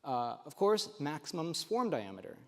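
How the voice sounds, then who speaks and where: A man's voice: on the high side, sing-song, normal speed, a little mellow. A young man giving a technical conference talk, eager and explanatory, with a few fillers and restarts. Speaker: conference presenter. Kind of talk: technical presentation. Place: large conference room. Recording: long hall reverb.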